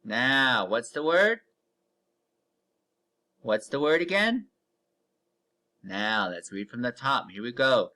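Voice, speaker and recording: A man teaching young children to read in a recorded online lesson, stretching out each word slowly and giving patient step-by-step cues. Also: mid-range voice, big pitch swings, pushed and bright. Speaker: elementary reading teacher.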